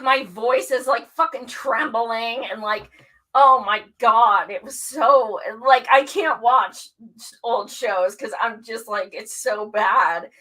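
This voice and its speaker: A woman's voice: a little high, takes it slowly, low-quality recording. A woman who hosts a show, telling her story in casual chat, candid and full of swearing. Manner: candid and profane, animated storytelling. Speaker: show host.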